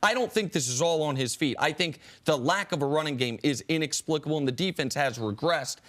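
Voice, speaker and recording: A man co-hosting a sports talk show, arguing his points in a quick, emphatic way. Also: a little high, fairly bright tone. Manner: emphatic, argumentative. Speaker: co-host.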